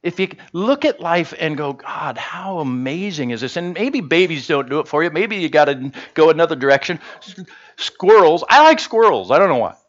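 A man delivers a sermon in a slightly high voice that swoops lively up and down. His delivery is chatty and humorous as he teases the congregation. The sound is dull and lo-fi. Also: moderate pace. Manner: humorous, conversational, animated. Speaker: pastor. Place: church service.

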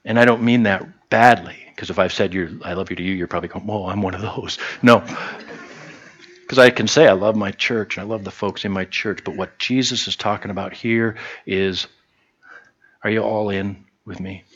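A man's voice: lowish voice, fairly quick, a bit bright, dull audio. A man preaching a sermon to a small church in a conversational way, often stopping to restart and quoting short lines. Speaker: pastor.

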